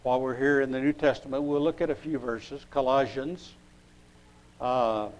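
A man preaching a sermon, reading scripture aloud and pausing as he looks up verses. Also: medium pitch, steady tone, poor audio. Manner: unhurried, pausing while looking up verses.

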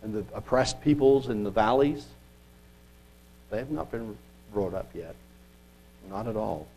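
A man with a husky, breathy voice delivers a sermon. He reads scripture aloud and asks the congregation rhetorical questions, earnest and often dropping to quiet asides. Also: fairly low pitch, unhurried, low-quality recording. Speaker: preacher.

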